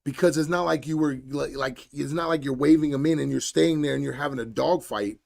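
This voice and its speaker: Gravelly, blunt man telling a story. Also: fairly high pitch, a little fast. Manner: blunt and animated, slangy storytelling. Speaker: podcast host and fight coach. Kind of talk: solo podcast monologue.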